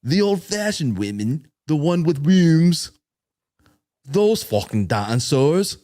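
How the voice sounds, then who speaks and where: A crude, mocking stand-up comedian with a sneering, drawn-out delivery, as a man puts him on. The voice sits well above the man's usual pitch and crawls along slowly, every line stretched for effect. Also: big pitch swings, mellow.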